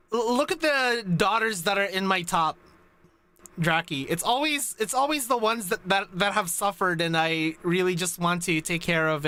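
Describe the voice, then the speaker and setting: A man's voice: high-pitched, pushed and bright, clear, resonant tone. A man streaming a live reaction to a game story, talking emotionally and stammering as he gushes.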